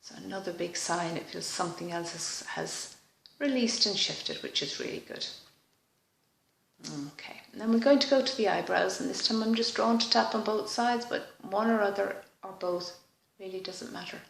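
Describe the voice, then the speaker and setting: A woman leading a guided EFT tapping session in a slow, soft, reflective manner, pausing for frequent sighs. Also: medium pitch, vocal fry, echoey room, slight background noise.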